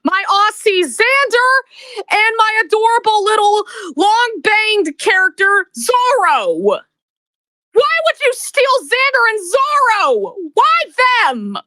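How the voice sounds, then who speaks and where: A woman's voice: extremely high pitch, pushed and bright, no room sound. A woman ranting to camera in an emotional vlog, bitter and accusing, stammering and repeating words. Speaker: video creator.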